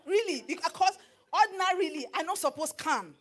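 A middle-aged Nigerian woman preaching on marriage, animated and slipping into pidgin with acted asides. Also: high-pitched, moderate pace, a faint crowd. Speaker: pastor and marriage counselor. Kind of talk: sermon.

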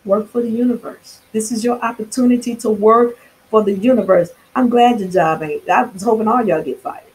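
A woman speaks to her viewers in a fervent, preachy spiritual monologue. Her voice sits at a middle pitch, and her talk is loose and slangy, full of restarts. It feels like a self-recorded vlog message. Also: brisk, a little mellow, poor audio. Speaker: spiritual vlogger.

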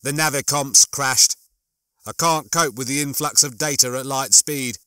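A man voicing a panicky male ship's computer, calling out an emergency loudly and urgently. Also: medium pitch, fairly even intonation, a little slow, clean tone, no echo. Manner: loud, urgent announcing.

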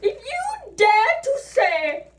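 A woman voicing an overexcited female news announcer in a put-on accent, half crying and half laughing as she shouts the lines. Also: very high-pitched, big pitch swings, slow pace, voice pushed up, full character voice. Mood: mock dramatic. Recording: distant mic with faint background noise.

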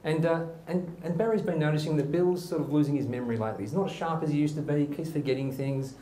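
A man's voice: on the high side, warm tone. A man hosting a joke show, telling a joke with many hesitant fillers. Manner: hesitant, frequent uh fillers, bursts of quick talk. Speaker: host. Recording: echoey room with background noise.

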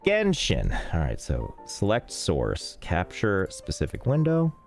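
A man's voice: low-pitched, wildly swooping pitch, slow pace, gravelly. A man streaming a game, chatting casually and self-mockingly as he fights technical trouble. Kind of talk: casual live-stream chat. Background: faint game music.

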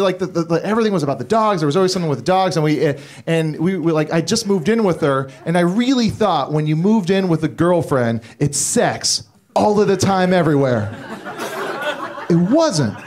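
A man's voice: high voice, animated, brisk, crowd noise. A man doing a stand-up set, rambling and self-deprecating, with profane asides and stammering restarts. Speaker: stand-up comedian. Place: comedy club stage. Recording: live club recording with audience laughter. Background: audience laughing.

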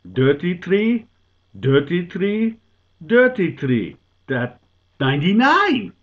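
A man's voice: low-pitched, wildly swooping pitch, slow, breathy edge, full character voice. A man voicing a proud old Dutch job seeker who talks in boastful broken English. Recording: tinny phone-like sound.

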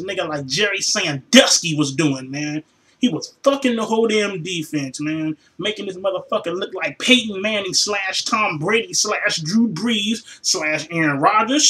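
A man in his room ranting as a sports fan, profane and exasperated, sighing heavily and swinging between low mutters and sudden shouts. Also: expressive, normal speed, poor audio. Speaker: vlogger reacting to a football loss. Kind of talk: angry fan rant.

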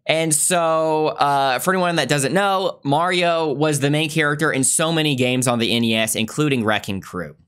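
A man's voice: on the high side, moderate pace, few pauses, fairly bright tone, clean tone. A man in casual review chat, talkative and explaining background at length. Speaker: podcast host reviewing a film.

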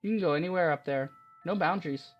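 A man voicing a shy, clever teenage schoolgirl in a soft, quiet reading of her lines for a visual novel game. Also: fairly high pitch, fast, dull audio, faint music behind, close to an everyday voice. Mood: wistful.

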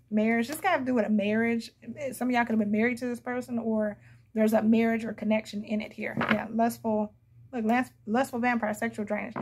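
A woman's voice: fairly high pitch, background noise. A woman giving a casual, blunt tarot reading, chatting to viewers and laughing often. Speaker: tarot reader.

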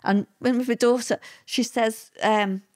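An older woman, a guest recalling hard times in a halting, emotional way with many fillers. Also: fairly high pitch, fairly even intonation, a little mellow. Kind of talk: personal interview recollection.

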